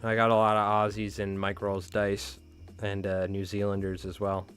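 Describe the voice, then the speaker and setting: Man, lowish voice, casual slangy streamer chat, live fly tying, easygoing. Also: completely flat delivery, normal speed, a bit bright, clean tone, soft background music.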